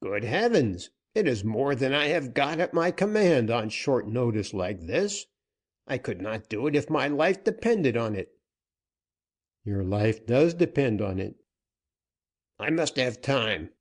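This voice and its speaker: A man's voice: medium pitch, very animated, measured pace. A man voicing a frightened male banker and former outlaw, stammering and pleading as he is cornered. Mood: panicked. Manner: stammering, pleading, rising in panic.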